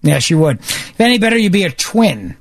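A man's voice: high-pitched, big pitch swings, fairly quick, no echo. A middle-aged man hosting a casual chat show, telling a family story with playful mimicry. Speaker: podcast host.

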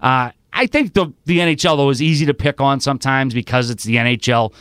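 A man's voice: mid-range voice, a little fast, fairly bright tone, clean tone, no room sound, studio quality. A man hosting a podcast, chatting casually about sports in a rambling way with many restarts. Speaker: podcast host.

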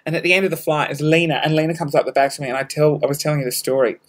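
An Australian man hosting a podcast, telling a story in casual talk, animated, swearing freely and laughing at himself. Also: fairly high pitch, very fast. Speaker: podcast host.

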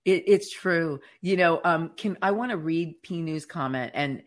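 A woman co-hosting a casual faith chat show, telling stories in an animated way and acting out what others said. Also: on the low side, measured pace. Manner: animated storyteller who acts out quotes. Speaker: podcast co-host.

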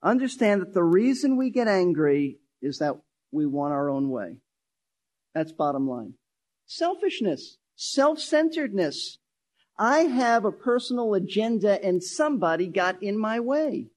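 A man with a notably high-pitched voice preaches to his congregation. He drives points home by repeating key phrases, speeding up and slowing down for emphasis. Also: big pitch swings, darkish tone. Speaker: pastor. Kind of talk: sermon.

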